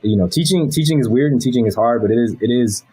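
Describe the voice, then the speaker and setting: Husky-voiced man chatting loosely. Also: medium pitch, fast, poor audio. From Los Angeles. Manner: relaxed, rambling, swears and laughs freely. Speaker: guest, animation director. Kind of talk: casual interview chat.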